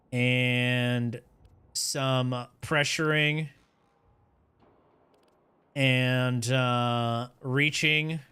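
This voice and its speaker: A man's voice: mid-range voice, pushed and bright, clean tone. A man streaming a game, chatting casually with his viewers in a rambling, self-mocking way. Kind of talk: casual game livestream chat.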